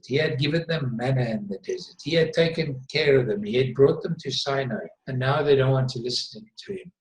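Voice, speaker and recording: A man's voice: medium pitch, a little mellow. A man teaching Bible topics in a conversational discussion, earnest and emphatic, often repeating words for stress. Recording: roomy echo.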